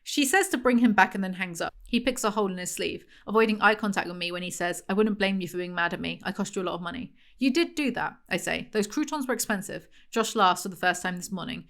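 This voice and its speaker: A woman's voice: medium pitch, fast talker, few pauses, fairly bright tone. A woman giving a sarcastic book review, reading passages aloud and mocking them in a dry tone. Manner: dry, mocking, frequent laughs.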